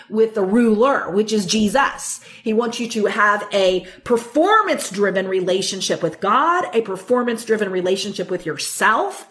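Woman preaching with emphatic repetition. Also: a little high. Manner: repetitive, emphatic, reads scripture aloud. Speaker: Bible teacher. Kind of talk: podcast sermon teaching.

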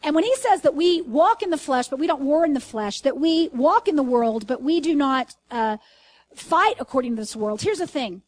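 High-voiced woman teaching a sermon. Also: expressive. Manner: earnest, conversational, asks the listeners questions; reads scripture slowly and emphatically. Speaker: Bible teacher.

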